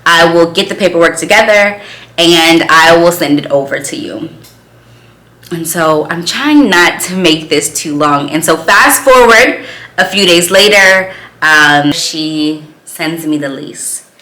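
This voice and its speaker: A woman speaks in a low voice with a bright, forceful edge, telling her own story as a small business owner in an earnest, reflective way. She sounds like she is in a large, empty room with a strong echo around her. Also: a little slow. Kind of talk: personal storytelling vlog.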